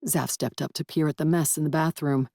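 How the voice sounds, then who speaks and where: A woman reads a first-person audiobook with a wry, lively storytelling manner. Her voice sits low, and the recording is close and dry with no room around it. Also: brisk, gravelly, no echo. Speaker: audiobook narrator.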